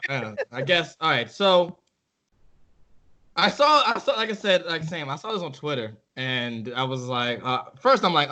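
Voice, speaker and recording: A man's voice: on the high side, very animated, moderate pace, pushed and bright. A man hosting a casual wrestling podcast, ranting heatedly with lots of swearing. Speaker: podcast host.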